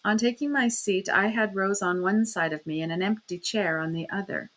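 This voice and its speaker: A woman narrating a classic novel in an expressive, measured audiobook reading. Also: medium pitch. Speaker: audiobook reader. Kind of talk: scripted narration.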